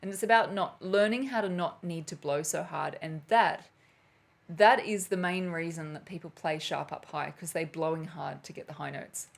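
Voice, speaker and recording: A woman teaching flute in a live stream, talking in a loose, chatty way. Her voice sits a little low for a woman, and she laughs at her own slips as she works through viewers' questions. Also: normal speed, creaky. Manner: chatty, laughs at herself, loses her train of thought. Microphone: camera mic on a live stream.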